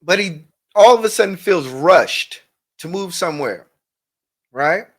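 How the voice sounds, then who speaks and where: A man's voice: high-pitched, expressive, a little slow, a bit bright. A man hosting casual commentary on a clip, emphatic and repeating words to drive each point home. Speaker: commentary host.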